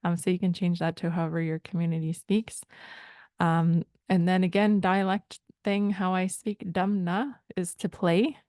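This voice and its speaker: A woman from Rama First Nation in Canada explaining language points in a thoughtful, hesitant way, often pausing to search for words. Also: lowish voice, little pitch movement, a little mellow, no room sound. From Rama First Nation, Ontario, Canada. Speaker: language teacher.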